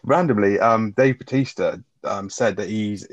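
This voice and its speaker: A man's voice: on the low side, normal speed, no echo, muffled recording. A man co-hosting a casual film review chat, swearing freely as he retells scenes. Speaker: film review podcast co-host.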